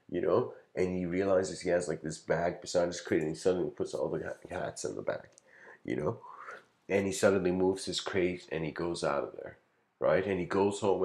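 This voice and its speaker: A man's voice: sits low, a little mellow. A man giving a casual lecture, telling a story in a rambling way with lots of filler words and frequent chuckles.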